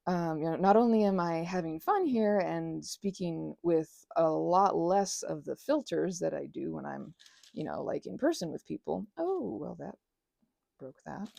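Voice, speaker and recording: A woman rambling casually as she presses flowers, often interrupting herself, giggling and dropping into soft whispers. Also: lowish voice, vocal fry, no room sound, studio quality. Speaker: channel host.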